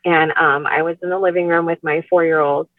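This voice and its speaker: A middle-aged woman shares a painful memory as a podcast guest. She talks earnestly and haltingly, doubles back on her words, and laughs nervously in places. Her voice comes through a tinny phone-line call, dry, with no room sound around it. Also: deep voice, steady tone, no echo. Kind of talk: personal storytelling in conversation. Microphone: remote call.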